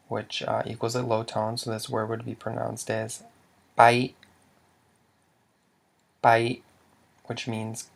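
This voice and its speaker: A male language teacher with a lowish, gravelly voice gives a screen-recorded tutorial explanation. He's slow and methodical, saying the Lao example words louder.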